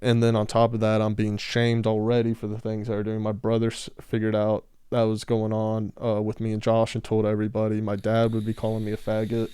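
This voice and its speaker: Frank low-voiced man. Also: completely flat delivery, brisk, hardly any pauses, mellow, smooth, no echo. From Georgia, US. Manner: frank, candid storytelling. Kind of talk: casual podcast conversation.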